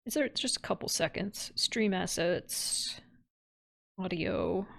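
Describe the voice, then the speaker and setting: A woman's voice: fairly low pitch, expressive, slow, vocal fry, a bit bright. A woman streamer giving candid, casual commentary on a horror game, thinking aloud and swearing freely.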